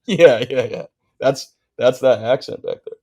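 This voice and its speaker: A man's voice: medium pitch, unhurried, gravelly, a little mellow. A man in his thirties, a pro skier guesting on a podcast, telling stories in a laid-back way full of "like" and "dude.". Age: 30s. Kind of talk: casual storytelling chat.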